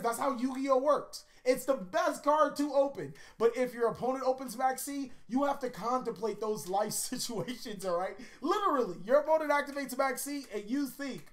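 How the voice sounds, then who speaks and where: Profane, joking woman host, higher voice. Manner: profane, joking, tells rambling anecdotes. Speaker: YouTube card-game host. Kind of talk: casual comedic countdown commentary.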